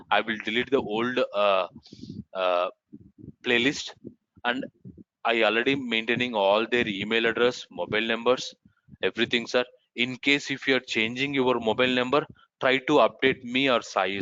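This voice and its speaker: A man instructor leads an online class, answering questions and sprinkling sir and ma'am through his sentences. His tone is bright and forceful. The call audio sounds dry and dull. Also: medium pitch, dry recording. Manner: addresses students as sir and ma'am constantly. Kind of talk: live class Q&A. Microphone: video call. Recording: muffled online meeting audio.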